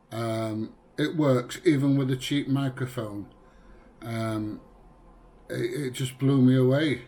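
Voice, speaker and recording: A British man chatting casually in a product review vlog, rambling with plenty of fillers. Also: medium pitch. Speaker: vlogger. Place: inside a vehicle, then at a computer.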